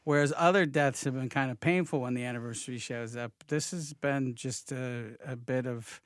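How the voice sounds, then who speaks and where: A man who is a comedian and director, talking as a podcast guest, quiet and reflective with frequent restarts. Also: mid-range voice, normal speed, no echo, studio quality. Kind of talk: podcast conversation.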